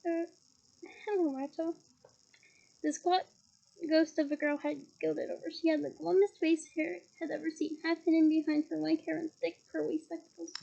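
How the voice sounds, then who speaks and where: A woman's voice: high-pitched, a little fast, vocal fry. Scottish woman reading a story aloud. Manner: expressive, with disgusted asides. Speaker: audiobook reader. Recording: dull lo-fi recording.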